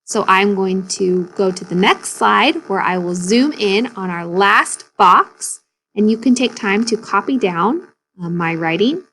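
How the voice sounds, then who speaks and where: A woman's voice: mid-range voice, animated, unhurried, a bit bright, a little hiss or hum. A woman teacher reading a story aloud and explaining it to children in a video lesson.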